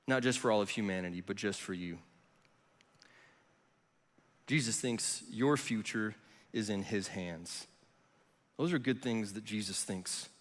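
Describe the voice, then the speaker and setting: A man's voice: mid-range voice, a bit bright. A man in his thirties, a student pastor giving a youth sermon in a conversational, storytelling way. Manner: storytelling, conversational, self-deprecating. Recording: long reverb of a large hall.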